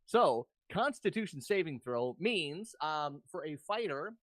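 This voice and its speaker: Man, game master, casual narration, slightly high voice, dry sound, lots of ums. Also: very animated, unhurried, fairly bright tone, dry recording. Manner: explains rules with many ums.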